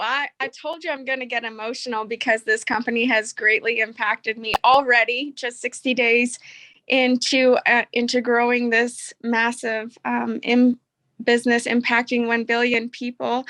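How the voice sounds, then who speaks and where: A middle-aged woman speaks in a high, bright voice. She tells her story in an earnest, heartfelt way, open and candid, as a caller giving a testimonial. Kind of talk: emotional personal testimony.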